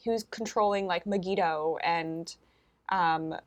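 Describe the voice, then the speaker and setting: A woman's voice: on the low side, slow. A woman co-hosting a podcast, talking casually about ancient history with many fillers and restarts. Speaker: podcast co-host.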